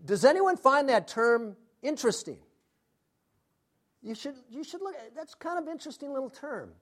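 A man preaching a sermon, emphatic, asking the congregation to fill in words and dropping to hushed, intense asides. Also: very high voice, very animated, moderate pace. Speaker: pastor.

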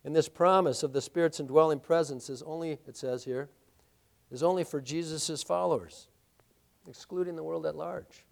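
Animated high-voiced male preacher. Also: moderate pace, gravelly. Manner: animated preaching, swings from loud emphatic to hushed storytelling. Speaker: pastor. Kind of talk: sermon.

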